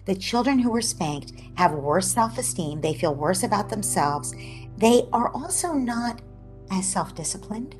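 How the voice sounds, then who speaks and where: Brief: woman, psychologist guest, animated explanatory interview answers over a video call. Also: medium pitch, a little slow, faint music behind. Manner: animated, explanatory, dips into soft near-whispers.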